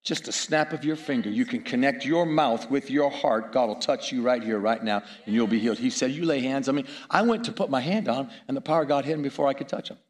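A man's voice: mid-range voice, fast talker, hardly any pauses. A middle-aged man preaching a sermon, telling stories with chuckles and asides to the audience.

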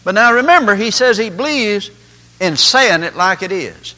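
Lively, bright-voiced preacher man. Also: high-pitched, normal speed, rough recording. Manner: folksy storytelling with acted-out voices. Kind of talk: sermon.

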